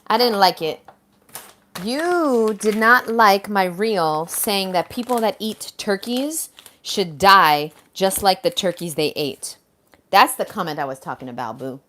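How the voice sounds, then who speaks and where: Woman on a livestream going off at a commenter, heated and blunt, swears a lot, mid-pitch voice. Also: fairly bright tone. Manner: reads out and answers viewer comments. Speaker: livestream host. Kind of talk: casual livestream rant.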